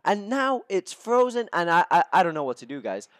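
A young man delivers a live gameplay commentary rant in a slightly high voice. He swears heavily and stumbles through repeated restarts. The sound is close and dry, with no room around it. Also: sing-song, a little fast, no echo. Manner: ranting, heavy swearing, stammered restarts. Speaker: gaming YouTuber.

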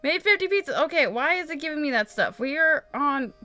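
Excitable woman let's-play host, high, bright and very lively, chatty commentary over faint game music. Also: a little fast, dry recording. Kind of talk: casual gameplay commentary. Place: home, in daytime.

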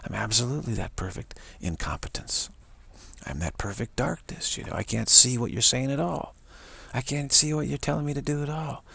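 A man's voice: medium pitch, animated, a little fast, creaky, a bit bright, dry recording. A man giving a spiritual monologue, repeating affirmations over and over and dropping to whispers. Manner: repetitive affirmations, drops to whispers. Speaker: spiritual teacher.

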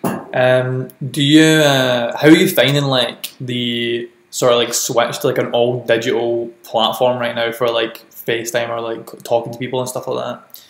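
A young man hosting a podcast, asking questions in a relaxed, teasing way with frequent giggles. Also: mid-range voice, unhurried. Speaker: podcast host. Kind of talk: casual interview chat. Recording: echoey room.

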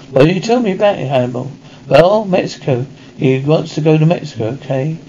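A man reading a television episode script aloud and voicing every part himself in a flat read-through, on a dull, slightly lo-fi recording with faint hiss. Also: fairly high pitch, fairly quick. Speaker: radio reader.

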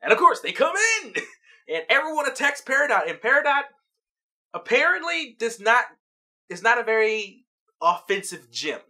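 Picture a vlog host talking through a cartoon episode they just watched. The pitch swings widely as the story builds, and the tone stays bright and forward. They laugh often and keep the recap loose and chatty. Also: very animated, moderate pace.

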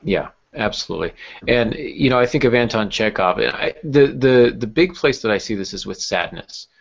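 A man's voice: medium pitch, expressive, moderate pace, vocal fry, slightly rough. A man hosting a casual podcast talk about writing craft, thoughtful, with many fillers and restarts. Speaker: podcast host. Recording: dull lo-fi podcast audio.

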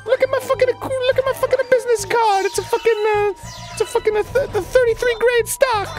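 A man's voice: very high voice, steady tone, brisk, over music, voice pushed up. A man putting on a crude, boastful voice for a middle-aged Italian plumber character while playing a video game. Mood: cocky. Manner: cocky, swearing, bragging.

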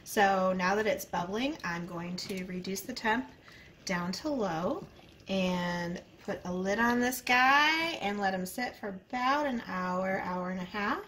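A woman's voice: mid-range voice, expressive, measured pace, a bit bright, roomy sound, a little hiss or hum. A woman hosting a home cooking video, chatting casually as she explains each step. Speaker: cooking channel host. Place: home kitchen.

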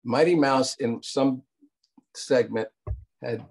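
An older man recounts stories from his career in a loose, rambling way, full of fillers and restarts. He slips into acted-out quotes as he goes, and his voice sits at an everyday middle pitch. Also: slow pace, vocal fry, a little mellow. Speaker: interview guest, cartoon producer. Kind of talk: casual storytelling interview.

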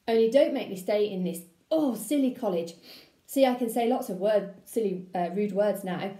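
A woman primary school teacher reading a children's book aloud to her class, with an expressive, playful delivery. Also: medium pitch, echoey room.

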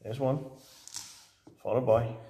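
A man's voice: medium pitch, fairly even intonation, vocal fry, background noise. A man, casually commentating a tabletop wargame he is playing, chatty and joking. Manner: chatty, joking, quick asides. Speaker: host and wargame player. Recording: roomy hall with long reverb.

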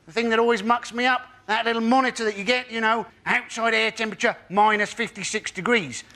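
Very high-voiced dry male comic. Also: steady tone, fast, pushed and bright. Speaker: stand-up comedian. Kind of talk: stand-up routine. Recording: noisy studio recording.

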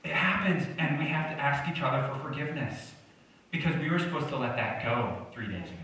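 A man's voice: on the high side, lively intonation, a little fast, sharp tone. A young man preaching a sermon in a joking, conversational way, drawing replies from the congregation. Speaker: pastor. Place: church sanctuary. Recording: echoey church hall from far off.

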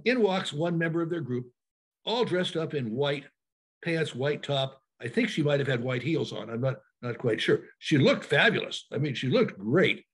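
Husky-voiced man giving a halting webinar talk. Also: mid-range voice. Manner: halting, many fillers and restarts. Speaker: presenter. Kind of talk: webinar presentation. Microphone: video call.

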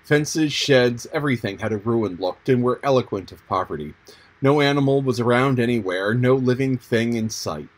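A man reading an audiobook chapter in a measured, descriptive manner. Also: mid-range voice. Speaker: audiobook narrator. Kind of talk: audiobook narration.

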